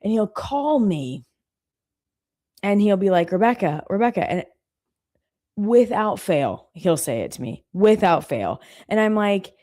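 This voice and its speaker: A woman in her thirties co-hosting a live trading stream, chatting casually and telling animated stories about home life. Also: mid-range voice, slow pace, pauses often. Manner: animated storyteller, mimics her husband. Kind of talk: casual chat.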